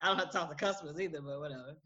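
A woman's voice: low voice, racing, pushed and bright. A woman co-hosting a podcast, chatting casually and laughing often as she tells stories with quoted voices. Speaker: podcast co-host. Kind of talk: casual chat. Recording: slightly dull lo-fi sound.

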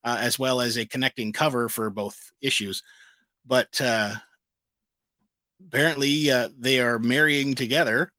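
A man co-hosting a casual pop-culture show, reading out news items in a relaxed, filler-heavy way. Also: medium pitch, unhurried, dry recording. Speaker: co-host. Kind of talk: casual chat about comic and pop news.

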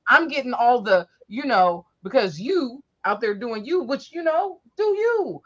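A woman telling animated, profane stories from her youth in a casual chat. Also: fairly high pitch, a little slow. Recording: dull lo-fi audio.

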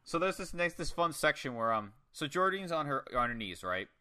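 Man, very bright tense voice, slightly high, excitable, swears freely, casual recap. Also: a little fast, clean tone. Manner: excitable, profane storyteller. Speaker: podcast co-host. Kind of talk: casual wrestling match recap.

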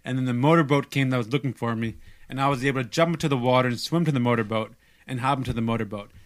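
A young man casually telling a long story on a podcast, animated and self-mocking, stumbling over restarts. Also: medium pitch, very fast.

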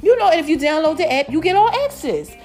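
A woman's voice: high-pitched, animated, fast, a little mellow. A woman from South Jersey hosting her own podcast in a casual monologue, playful and sassy, calling her listeners "babies" and herself "Mama". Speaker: podcast host.

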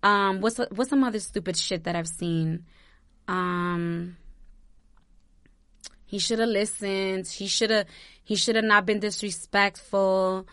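A woman's voice: medium pitch, steady tone, takes it slowly, long pauses, a bit bright, smooth, dry recording. A young woman from New Jersey vlogging, giving impassioned personal commentary that circles back on itself, close to tears and swearing freely. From New Jersey, USA.

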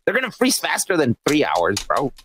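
A man co-hosting a podcast, chatting casually over beers, animated and profane, saying "bro" a lot. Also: on the high side, normal speed, background noise. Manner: animated, swearing, laughing, says "bro". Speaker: podcast co-host.

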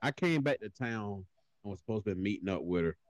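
Deep-voiced man in dry, laid-back chat. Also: animated, fast talker, no echo. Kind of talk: casual chat.

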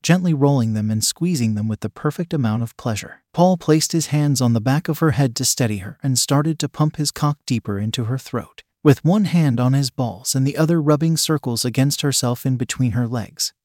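A man narrating an adult audio story in a steady, even way. His voice sits at a middle pitch for a man. It is recorded close and completely dry, with no room around it. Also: moderate pace, hardly any pauses, dry recording.

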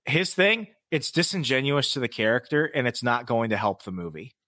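A man's voice: medium pitch, sing-song, normal speed, sharp tone, dry recording, studio quality. A man co-hosting a podcast, making critical points in casual chat and repeating words as he goes. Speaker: podcast co-host.

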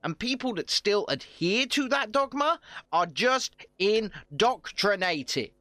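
A man's voice: sits high, animated, slow, bright, forceful tone, dry recording. Profane ranting man on a video call. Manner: profane, ranting, grows heated and emphatic. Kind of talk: casual online chat.

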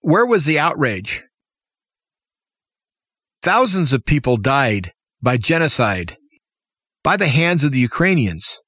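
A man's voice: mid-range voice, sing-song, takes it slowly, long pauses, fairly bright tone, dry recording, clean studio sound. A man giving an impassioned, opinionated political commentary monologue as a talk show host, full of rhetorical questions. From United States.

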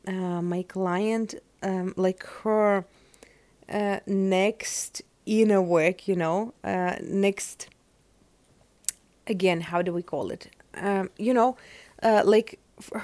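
A woman's voice: on the low side, darkish tone, no echo. A woman with a Russian accent, a native Russian speaker, hosting a casual solo podcast. She rambles and searches aloud for words. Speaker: podcast host.

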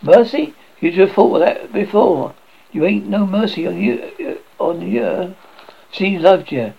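Man putting on a grieving old servant woman, gravelly and accusing, lo-fi audio, horror story reading. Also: high voice, expressive, measured pace, voice pushed up, heavily acted. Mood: furious. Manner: accusing, rustic country speech.

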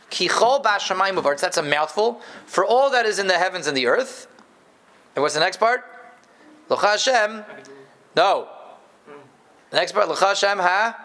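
A man teaching a live Torah class, his voice sitting a little higher than most men's. He talks animatedly, punching key words with sudden lifts and sinking into low asides. He jokes easily with his students. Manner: animated, emphatic, jumps between loud stresses and low asides.

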